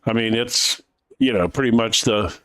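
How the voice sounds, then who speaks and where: Low-voiced American man, laid-back broadcast chat. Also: normal speed, no echo. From United States. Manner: relaxed, rambling, with many fillers and self-mocking jokes. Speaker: sim racing broadcast co-host. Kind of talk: casual live race-broadcast chat.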